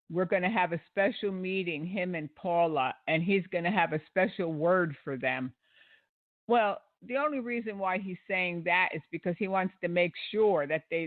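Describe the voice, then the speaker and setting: Indignant high-voiced man, tinny sound. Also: no echo. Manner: indignant, sarcastic, many fillers. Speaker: online show host. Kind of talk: critical commentary. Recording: dry, tinny phone-like sound.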